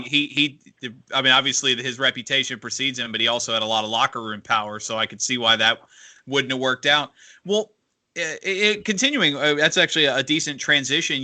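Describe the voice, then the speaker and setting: Bright-voiced man asking long questions. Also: mid-range voice. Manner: long, searching questions full of restarts. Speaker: interviewer, podcast co-host. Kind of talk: interview questions.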